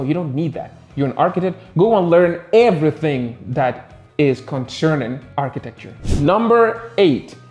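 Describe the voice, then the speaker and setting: Lively man teaching, warm voice. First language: Arabic. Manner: lively, playful, swings pitch up and down for emphasis. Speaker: English tutor. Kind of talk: casual video lesson.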